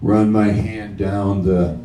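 A man preaching a sermon, slow and emphatic, repeating his key phrases. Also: fairly low pitch, flat delivery, dark tone, recorded from a distance, slight background noise. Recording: roomy sound from off-mic.

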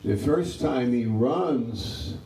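A man's voice: medium pitch, expressive, extremely slow, warm tone. A man preaching in a conversational Bible-teaching style, telling the story with animation and acting out the characters' dialogue. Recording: roomy, from a distance.

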